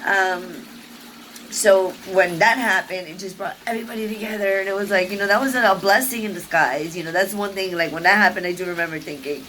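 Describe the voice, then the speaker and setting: A woman at a mid pitch tells a personal story straight to her camera. She rambles and restarts, leans on fillers, and puts on voices for the people she quotes. Faint room ambience sits behind her. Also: fairly quick, a little hiss or hum, poor audio. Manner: lively, acts out quoted people. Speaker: vlogger.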